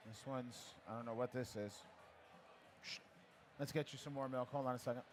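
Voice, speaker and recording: At a coffee festival demo area, a male barista instructor who teaches latte art coaches a guest through live pours, chatty and encouraging, with quick pouring cues. His voice is mid-range and steady, with slight background noise.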